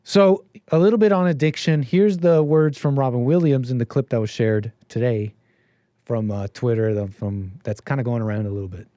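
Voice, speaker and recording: A man's voice: medium pitch, steady tone, normal speed, warm tone, no echo. A man hosting a livestream, talking in an opinionated, rambling way with lots of rhetorical questions. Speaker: livestream host. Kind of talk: casual commentary stream.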